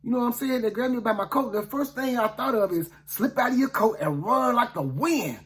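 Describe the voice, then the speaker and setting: A male preacher with an extremely high, animated, slightly bright voice tells a Bible story in the first person at a fairly quick pace. His folksy, conversational delivery is full of asides to the listener, and he often asks, "you know what I'm saying".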